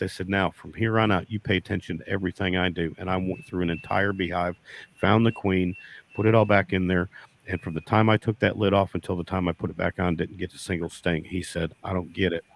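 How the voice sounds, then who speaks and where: Man, low voice, folksy beekeeper telling stories. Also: fairly even intonation, brisk, creaky. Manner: folksy, repeats "I said" in quoted dialogue. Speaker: beekeeper guest. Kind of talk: casual storytelling.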